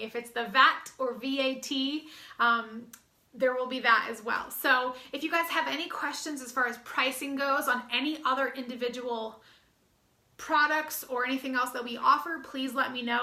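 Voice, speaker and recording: Recorded in an echoey room, an American woman with a high, bright, forceful voice delivers a chatty, upbeat promo. She coaches fitness businesses, comes from the United States, and sounds a little out of breath as she uses fillers and starts over.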